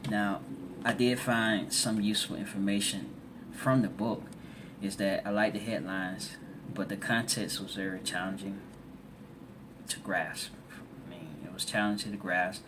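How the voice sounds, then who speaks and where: A man student reflecting aloud on a course reading for a discussion forum, halting and restarting often as he reads out quotes. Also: lowish voice, steady tone, background noise.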